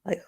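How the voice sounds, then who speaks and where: A woman from Barnsley with a Yorkshire accent, hosting a relaxed live chat and answering viewers, who says "you know" again and again. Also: fairly high pitch, husky. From Barnsley, Yorkshire, England. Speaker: livestream host.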